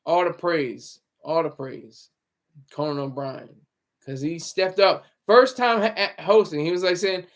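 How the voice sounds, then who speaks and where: A man's voice: a little high, a little slow. A man livestreaming casual commentary in a rambling, sarcastic way. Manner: rambling and sarcastic, with frequent restarts.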